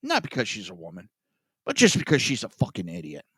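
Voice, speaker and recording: A man hosting a political commentary podcast, sarcastic and profane, sighing and swinging between loud outbursts and mutters. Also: lowish voice, huge pitch swings, a little fast, slightly rough, no echo. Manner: sarcastic, profane, self-mocking. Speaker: podcast host.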